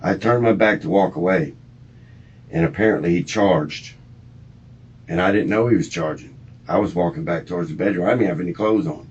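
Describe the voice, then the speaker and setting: A man's voice: low-pitched, brisk, husky. A distraught middle-aged man, rambling and swearing through a police interview. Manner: rambling, profane, agitated. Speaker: murder suspect being interviewed. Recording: muffled lo-fi interview recording.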